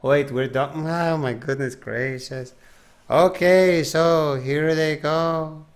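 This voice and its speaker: Casting note: man with a fairly high voice, slow unhurried talk, joking at his own expense. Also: fairly even intonation. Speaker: game streamer. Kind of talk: casual live-stream chat.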